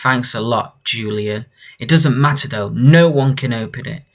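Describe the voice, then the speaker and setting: A man's voice: mid-range voice, moderate pace, natural voice. A man voicing an arrogant male bank manager from a comic who berates his staff curtly. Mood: scornful. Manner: curt, contemptuous, berating.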